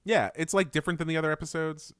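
A man's voice: on the high side, rapid-fire, smooth, no room sound, clean studio sound. A young man co-hosting a podcast, retelling a cartoon episode in casual chat and laughing often. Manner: laughs often, animated retelling with mock quotes.

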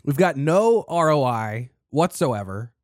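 A man's voice: on the high side, very animated, a little slow, no echo, studio quality. A man hosting a podcast, chatting casually with laughs, swearing and dramatic complaints. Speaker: podcast host. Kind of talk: casual chat.

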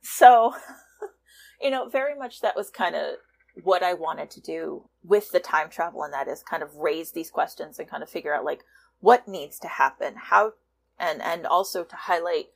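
Low-voiced woman, kinda husky, chatting away as a guest writer, laughs a lot. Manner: animated, laughs often, quick asides. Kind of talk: casual interview chat.

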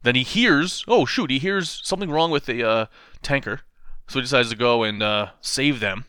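A man's voice: mid-range voice, moderate pace, clear, resonant tone, dry recording, studio quality. A man casually retelling a comic story to a friend, laughing often and acting out the lines. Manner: animated storytelling, laughs often, acts out quotes. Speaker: podcast co-host recapping a comic. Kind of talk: casual chat.

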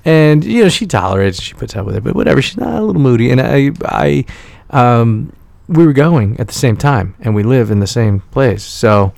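A man's voice: medium pitch, expressive, normal speed, gravelly, darkish tone, no echo. A man in his forties casually telling a personal story, candid and self-critical, acting out the exchanges he quotes.

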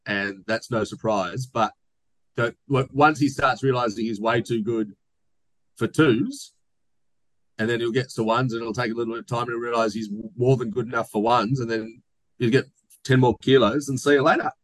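Aussie podcast host, jokey rambling bloke, mid-pitched voice, close dry mic. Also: male voice, steady tone, normal speed, dry recording, low-quality recording. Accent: Australian. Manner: rambling, joking, reads listener mail. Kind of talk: casual chat.

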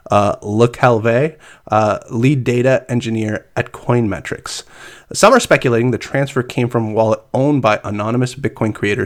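A man reads the news aloud on a relaxed two-person show and stops often for "uh" and "um". His voice sits at a middle pitch, and he breaks into laughter easily between items. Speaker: podcast co-host reading crypto news. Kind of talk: casual news chat.

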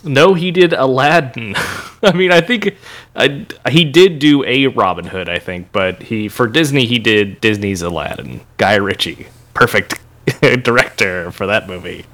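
A man's voice: mid-range voice, a little slow, fairly bright tone. A man co-hosting a podcast in casual chat, playful and teasing, laughing often and slipping into mock-announcer asides. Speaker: podcast co-host.

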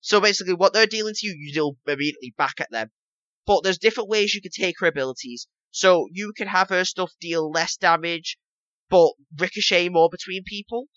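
A man's voice: high-pitched, fairly quick, a bit bright, no echo, highs cut off. A man co-hosting a casual gaming podcast, rambling and leaning on "basically" and "obviously" as he explains. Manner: rambling, repeats himself, lots of "basically" and "obviously". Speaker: podcast co-host.

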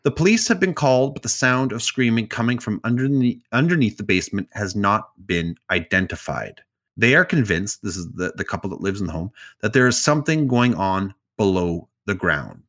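A podcast co-host with a voice on the low side, a bit bright, speaks animatedly at a moderate pace. He casually retells strange news stories, tossing in asides and jokes as they chat.

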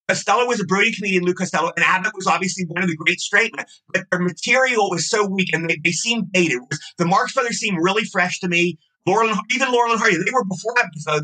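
High, bright, fast-talking man. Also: low-quality recording. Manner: effusive, gushing enthusiasm. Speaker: guest actor. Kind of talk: casual interview storytelling.

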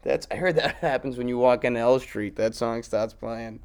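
A man's voice: medium pitch, steady tone, moderate pace, a little mellow, smooth. A man trades crude stories in loose, profane banter. He laughs often and swears freely in a casual back-and-forth.

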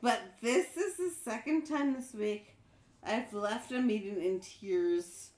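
A woman's voice: a little high, takes it slowly, a little mellow, roomy sound. A tipsy, hiccuping woman co-hosting a podcast, reading a listener letter aloud, giggling and stumbling over words. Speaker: podcast co-host.

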